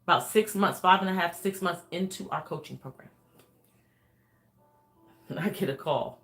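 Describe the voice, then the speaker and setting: Female life coach, lower register, emphatic and repetitive motivational delivery, faint music underneath. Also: normal speed, a bit bright. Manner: emphatic, repetitive, laughs often. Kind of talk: motivational talk to camera.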